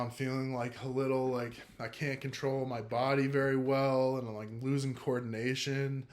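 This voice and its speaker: Young adult man, relaxed first-person storyteller, profane and filler-heavy delivery. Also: mid-range voice, normal speed, few pauses. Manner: laid-back, profane, heavy use of filler "like".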